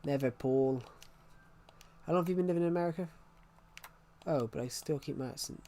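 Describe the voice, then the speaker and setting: A man's voice: a little high, brisk, mellow, slight background noise. A man streaming a game and chatting casually with his viewers, answering their questions. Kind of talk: casual livestream chat.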